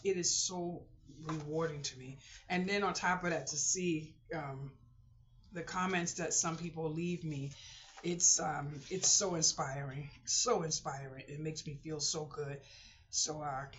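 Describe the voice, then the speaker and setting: A woman vlogger talking casually to her viewers, rambling and heartfelt with lots of fillers. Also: fairly low pitch. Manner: rambling and heartfelt, many fillers, talks to viewers as "boys and girls". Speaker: frugal living vlogger. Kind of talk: casual personal chat to camera. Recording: dull lo-fi recording with faint noise.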